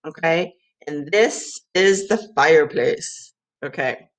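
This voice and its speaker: A woman's voice: low voice, slow pace. A woman teacher giving a patient vocabulary lesson for young children, sounding out letters and clapping syllables.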